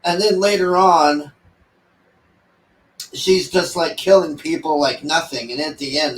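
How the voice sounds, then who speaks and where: A man's voice: on the high side, normal speed, recorded from a distance. A man rambling through a casual movie review, exasperated and sarcastic, mocking the characters as he talks. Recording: echoey room, voice off-mic.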